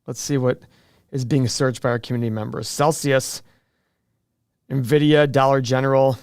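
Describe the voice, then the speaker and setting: A man's voice: medium pitch, fairly even intonation, moderate pace, darkish tone, clean tone, no echo, clean studio sound. A middle-aged man hosting a casual livestream, answering viewer questions with jokes and self-deprecating asides.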